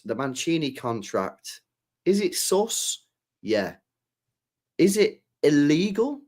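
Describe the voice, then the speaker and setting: A man hosting a live football stream, swearing freely and acting out imagined conversations. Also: on the high side. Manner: swears freely, animated, acts out imagined dialogue. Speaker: football channel host.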